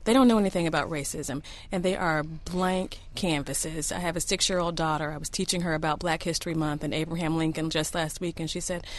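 A woman's voice: low voice, brisk, hardly any pauses. A woman who is a writer and mother, speaking earnestly and personally as a radio guest. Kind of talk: earnest conversation.

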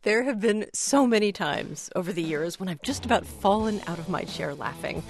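A woman hosting a public radio news show, measured and conversational, in a studio. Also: medium pitch, lively intonation, gravelly.

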